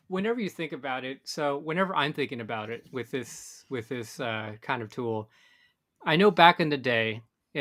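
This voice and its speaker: Rambling man, bright voice. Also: mid-range voice. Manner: rambling, many fillers and restarts. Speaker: podcast co-host. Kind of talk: casual chat.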